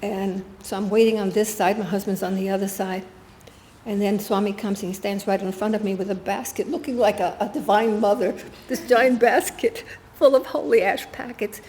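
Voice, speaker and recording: A woman's voice: mid-range voice, steady tone, normal speed, mellow, a little hiss or hum. An older woman giving a guest talk, earnestly telling a personal story with quoted dialogue. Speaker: guest speaker. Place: spiritual center meeting room. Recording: echoey room with faint ambience.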